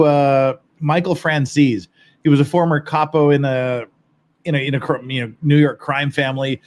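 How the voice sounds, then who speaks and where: A man hosting a casual talk podcast, with a voice neither high nor low. He rambles through viewer comments with blunt opinions, swearing and laughing along the way. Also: darkish tone. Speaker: podcast host.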